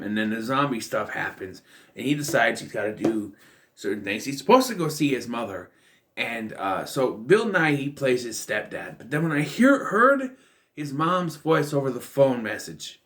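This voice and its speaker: A man's voice: mid-range voice, sing-song, normal speed, fairly bright tone. A man giving a casual, rambling film commentary, full of fillers and restarts. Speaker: film reviewer.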